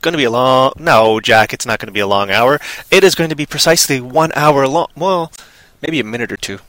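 A man's voice: medium pitch, lively intonation, brisk, a bit bright, dry recording. A man hosting a casual live show, talking in a hyper, playful way full of wordplay. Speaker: show host.

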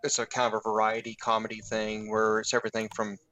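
A man's voice: on the low side, completely flat delivery, quick pace, bright, forceful tone, poor audio. A man who is a guest author on a show, chatting and telling stories with a laugh. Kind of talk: casual interview chat.

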